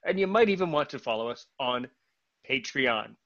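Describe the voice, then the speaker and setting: A man's voice: medium pitch, animated, normal speed, a bit bright, dull audio. A man hosting a podcast, greeting listeners in an enthusiastic, playful manner. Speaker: podcast host. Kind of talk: casual podcast chat.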